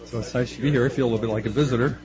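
A middle-aged man preaching a sermon, animated and playful, lifting his voice high to act out quoted speech. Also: racing, over music, poor audio. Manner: animated, acting out quoted voices with rising pitch. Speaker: pastor.

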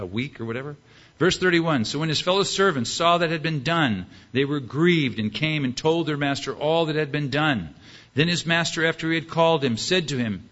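A man's voice: on the high side, fairly bright tone, highs cut off. A man preaching a sermon, reading scripture and acting out its characters with rhetorical questions.

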